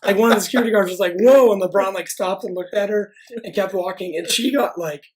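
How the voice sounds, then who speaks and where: A man's voice: sits high, fast talker, low-quality recording. A man co-hosting a sports podcast who rambles through anecdotes, filling gaps with "like". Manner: rambling storyteller, constant "like" filler. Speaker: podcast co-host. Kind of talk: casual sports chat, anecdote telling.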